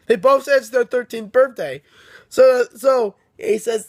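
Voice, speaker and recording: A man's voice: very high-pitched, fairly even intonation, normal speed. A man casually recapping a story for his viewers, rambling with many restarts and often checking in with "okay?". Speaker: book reviewer.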